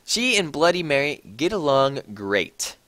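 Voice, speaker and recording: Man, comedic dramatic reading, mocking and exaggerated, fairly high voice, dry sound. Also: very animated, unhurried, sharp tone, no echo. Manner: mocking, exaggerated, swears freely. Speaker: reader.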